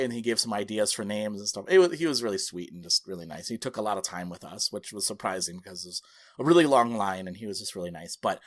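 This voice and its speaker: Speaking fast in a fairly low, expressive voice, a male podcast co-host tells an animated story. Laughter punctuates his phrases, and he impersonates the people he quotes.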